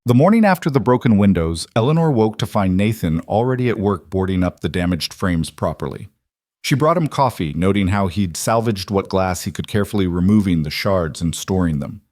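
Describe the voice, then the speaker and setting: A male narrator telling a frontier story in a calm, even read. His voice is on the low side. The recording is dry with no room sound. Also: fairly quick, no echo. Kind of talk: scripted narration.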